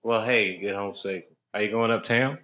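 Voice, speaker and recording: A man's voice: lowish voice, fairly even intonation, normal speed, crowd noise. A male comedian bantering casually with fans after a show, joking and laughing often. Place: crowded room after a show.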